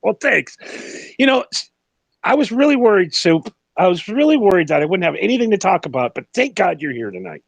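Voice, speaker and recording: A man's voice: sits high, sing-song, a little fast, vocal fry, no echo. A man co-hosting a casual comedy podcast, sarcastic and easily exasperated, laughing often. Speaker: podcast co-host. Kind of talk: casual stoner comedy chat.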